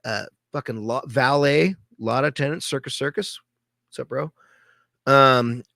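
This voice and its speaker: A man's voice: medium pitch, gravelly, fairly bright tone, dry recording, clean studio sound. A man giving a crude, rambling reaction commentary, swearing constantly. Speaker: video commentator.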